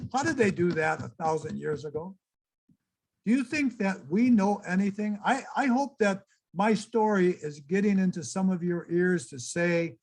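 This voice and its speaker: Chatty older man with gravelly voice. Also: a little high, darkish tone. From United States. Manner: chatty, exclaiming, talks to audience. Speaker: presenter. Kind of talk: casual slideshow talk.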